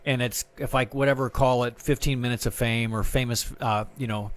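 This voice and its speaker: A man's voice: medium pitch, steady tone, fairly quick. Rambling middle-aged man, self-mocking. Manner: rambling, self-deprecating, many restarts. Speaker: guest artist and filmmaker. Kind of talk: casual interview chat.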